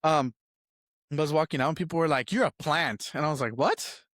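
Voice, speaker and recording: A man's voice: on the high side, quick pace, fairly bright tone, no room sound. A young man co-hosting a podcast, rambling through a story, laughing often and acting out quoted lines. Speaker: podcast co-host. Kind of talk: casual storytelling chat.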